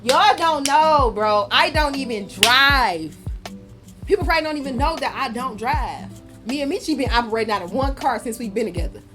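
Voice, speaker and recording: Young woman, raised voice, profane animated storytelling, music behind. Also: high voice, moderate pace. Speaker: podcast host. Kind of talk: casual monologue.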